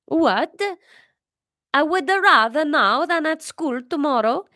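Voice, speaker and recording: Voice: a bossy Italian mother, played by a woman. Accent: Italian. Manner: brisk, commanding, higher and louder than her usual voice. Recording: dry. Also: lively intonation, dry recording, heavily acted.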